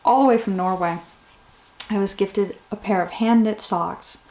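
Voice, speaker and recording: A woman's voice: medium pitch, moderate pace, reverberant. A woman hosting a knitting podcast, talking casually and rambling a little, with a heartfelt, grateful manner. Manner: warm, rambling, gets emotional thanking viewers. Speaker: podcast host.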